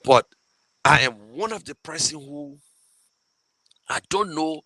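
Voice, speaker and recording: A man with a Liberian English accent talks casually to his viewers as host, in a bright, forceful voice. He is emotional and rambling, circling back and restarting often. The sound is close and dry, with no room around it. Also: a little high, animated, takes it slowly, no room sound, rough recording. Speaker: show host fundraising for a campaign. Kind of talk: casual live talk to viewers.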